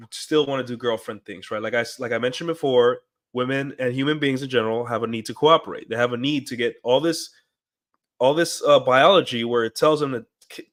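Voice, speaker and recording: A man talking straight to his stream audience in a loose, rambling monologue. His voice sits at an ordinary middle pitch, and he leans on fillers and restarts as he goes. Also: fairly bright tone. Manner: rambling, with frequent fillers and acted-out quotes. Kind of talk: casual monologue.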